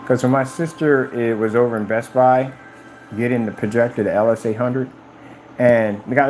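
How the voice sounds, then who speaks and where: A man talking casually on a live stream about his company's products, boastful and animated, often acting out conversations in a raised voice. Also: moderate pace, a little hiss or hum, rough recording. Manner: animated, boastful, retells conversations in high-pitched quoted voices.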